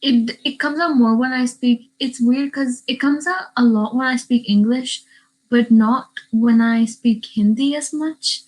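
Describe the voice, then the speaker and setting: Teen girl, Derry accent with an Indian hint, bubbly livestream chatter, slightly higher voice. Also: measured pace, a little mellow, low-quality recording. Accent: Northern Irish (Derry) with a hint of Indian. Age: teens. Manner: chatty and bubbly, many "like" fillers. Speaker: YouTuber reading live chat. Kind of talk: casual livestream chat. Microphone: webcam mic.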